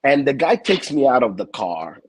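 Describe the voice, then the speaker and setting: Lively husky man. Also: medium pitch, moderate pace, low-quality recording. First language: French. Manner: animated, stammering repeats, acts out other voices. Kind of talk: casual comic storytelling.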